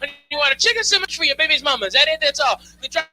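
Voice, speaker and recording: A cocky drive-thru worker firing back an order in heavy street slang, put on by a male comedian. The delivery is quick and very bright. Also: extremely high pitch, animated, a little hiss or hum, heavily acted, poor audio. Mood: brash. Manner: slangy, rapid-fire.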